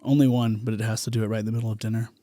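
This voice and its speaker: Fast-talking Texan man, dry close sound. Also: fairly low pitch, little pitch movement, warm tone, dry recording. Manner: quick, easygoing, chatty. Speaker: podcast guest, real estate agent. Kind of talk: casual interview chat.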